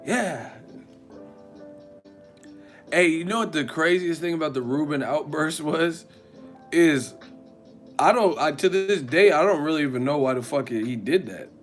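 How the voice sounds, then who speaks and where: A man chats on his live stream and tells a rambling story, loud and full of swearing. He often jumps into shouted impressions of other people. Faint music plays behind him. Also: a little high, a little slow, long pauses. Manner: animated storytelling, swearing, loud put-on voices. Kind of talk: casual live-stream chat.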